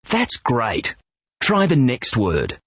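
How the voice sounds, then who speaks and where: A man narrating a children's reading program, giving clear, encouraging instructions and praise. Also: medium pitch, huge pitch swings, slow, fairly bright tone, dry recording, studio quality.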